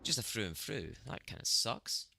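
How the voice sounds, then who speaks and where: A man giving casual, chatty gameplay commentary with excitable reactions. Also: fairly low pitch, normal speed, creaky, slight background noise. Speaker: gameplay streamer.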